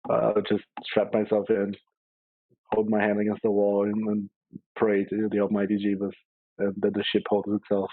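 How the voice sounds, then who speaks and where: A man's voice: on the low side, completely flat delivery, moderate pace, narrow, tinny audio. A man player talking casually and hesitantly during a tabletop game. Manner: hesitant, self-deprecating.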